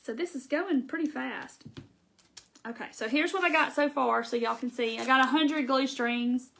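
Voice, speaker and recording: Southern woman, middle-aged, high voice, chatty live-stream crafter who thanks viewers. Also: moderate pace, creaky, a bit bright. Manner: chatty, reads out and thanks viewers' comments while working. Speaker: craft livestream host. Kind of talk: casual live crafting chat.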